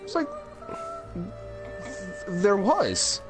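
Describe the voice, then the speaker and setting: A man's voice: high-pitched, wildly swooping pitch, extremely slow, music in the background. A man co-hosting a podcast, telling a rambling story in casual chat with restarts and laughs. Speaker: podcast co-host. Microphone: home podcast mic.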